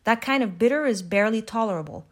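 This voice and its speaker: A woman voicing a calm middle-aged male farmer with dry humor, asking plain, unhurried questions. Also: fairly high pitch, natural voice.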